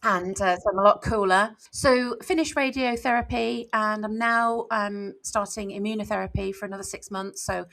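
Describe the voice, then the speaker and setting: A woman's voice: mid-range voice, steady tone, moderate pace, vocal fry, hardly any pauses, fairly bright tone, poor audio. Candid, reflective woman chatting on a podcast. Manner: candid, reflective, with many "you know"s and restarts. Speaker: author and podcast co-host. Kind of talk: casual podcast chat.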